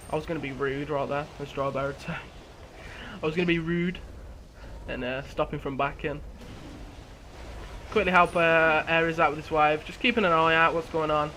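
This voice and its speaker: Young guy talking through a match, chatty and self-mocking, bright, slightly high voice. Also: slight background noise. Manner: chatty, laughs at himself, restarts words. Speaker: gameplay commentator. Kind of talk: casual game commentary.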